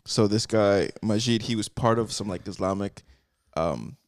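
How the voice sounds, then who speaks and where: A man's voice: lowish voice, normal speed, no echo, clean studio sound. A man co-hosting a podcast, telling a story in casual chat and often repeating his words as he goes. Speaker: podcast co-host.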